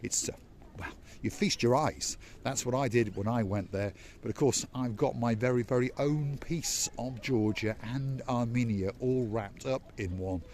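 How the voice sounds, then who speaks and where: A man's voice: mid-range voice, moderate pace, a little mellow, slight background noise. A man hosting a walking-tour vlog outdoors at a seaside harbour, chatting playfully and teasing his viewers. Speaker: vlog host.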